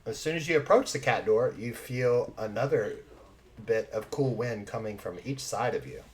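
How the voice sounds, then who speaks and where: A man narrating as game master in a tabletop game over voice chat, animated and laughing often while he describes scenes. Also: mid-range voice, normal speed, slight background noise. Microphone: online voice call.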